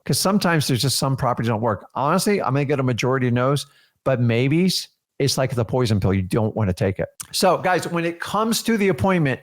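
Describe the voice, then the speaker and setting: Energetic man coaching with rhetorical questions. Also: mid-range voice. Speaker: real estate wholesaling coach. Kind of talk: teaching a seminar.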